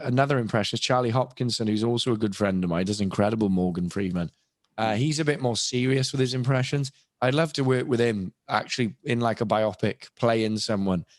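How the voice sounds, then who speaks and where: A man's voice: medium pitch, moderate pace, dry recording, clean studio sound. A young British man with a British accent, a voice actor and impressionist chatting on a podcast in a rambling, self-deprecating way with many restarts. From Britain. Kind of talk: casual podcast chat.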